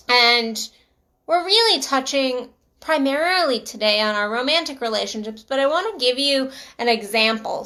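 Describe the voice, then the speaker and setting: A woman's voice: high-pitched, pushed and bright. A middle-aged woman relationship coach talking casually to her channel, earnest and emphatic, often repeating herself for stress. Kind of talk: casual talk to camera.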